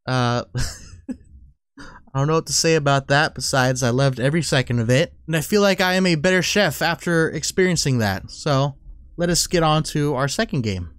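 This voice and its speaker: Excitable man with lively pitch. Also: moderate pace, clean tone, no echo, clean studio sound. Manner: excitable, laughing, swearing, talks to the game. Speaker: gaming YouTuber. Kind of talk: let's-play commentary. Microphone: headset.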